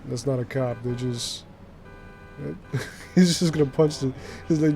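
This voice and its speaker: A man's voice: mid-range voice, unhurried, soft background music. A man giving chatty, casual commentary while streaming a game, with lots of filler words. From New York City. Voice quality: chatty and animated, heavy use of filler words.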